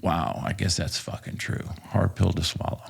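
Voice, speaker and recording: Speaking at normal speed in a low, husky, creaky voice with little pitch movement, a Texan former police officer tells stories as a podcast guest. He's casual but profane, cursing often and hesitating with many "um"s.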